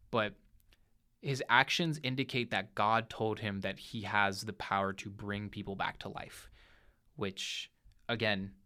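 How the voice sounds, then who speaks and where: A young man with a medium-pitched voice hosts a podcast reviewing movies. He recounts a film's plot in a casual, animated monologue, briefly performing lines as the characters.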